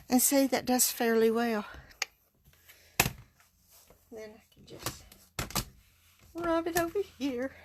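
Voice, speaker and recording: A woman with a fairly high voice chats in a folksy, easygoing way while demonstrating card stamping on a livestream. She talks as she works, and there's a little hiss or hum in the audio.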